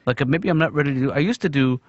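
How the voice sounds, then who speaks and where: A man in a casual comic exchange, talking haltingly and making fun of himself. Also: mid-range voice, dry recording, dull audio. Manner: hesitant, halting, self-deprecating.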